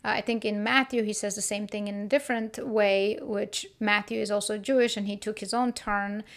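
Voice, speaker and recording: A woman hosting a casual solo podcast, thinking aloud with restarts and quick laughs. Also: medium pitch, fairly even intonation. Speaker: podcast host.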